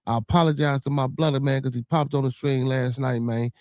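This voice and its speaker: This Chicago-accented man hosts a livestream podcast, bantering loosely, swearing, and filling gaps as he reads chat out loud. His voice is medium-pitched, steady, and darkish, moving fairly quickly, with studio quality and no echo.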